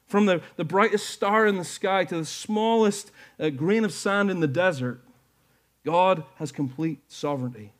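Man, high voice, pastor, sermon, earnest, rising to emphatic peaks. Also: moderate pace.

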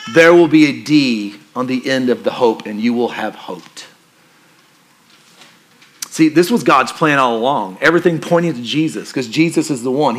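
A male pastor preaching a sermon in a conversational, joking style that turns quiet and earnest for emphasis. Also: fairly high pitch.

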